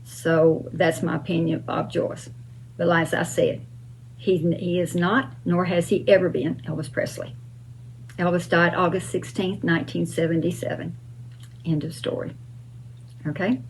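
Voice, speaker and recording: Older woman with a gravelly low voice. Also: little pitch movement, unhurried, slight background noise, low-quality recording. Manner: emphatic, with frequent uh and um. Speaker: channel host answering fan questions. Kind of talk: casual Q&A.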